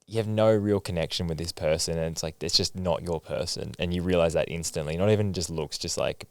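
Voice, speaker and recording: A young man hosting a casual podcast chat, relaxed and full of fillers like "like" and "man". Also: sits low, fairly quick, vocal fry, no room sound. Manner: relaxed, filler-heavy, says "like" and "man" often. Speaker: podcast host.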